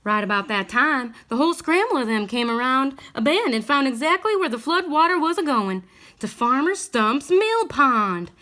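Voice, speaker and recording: A woman reading a bedtime story aloud in a gentle, expressive way. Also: high voice, normal speed.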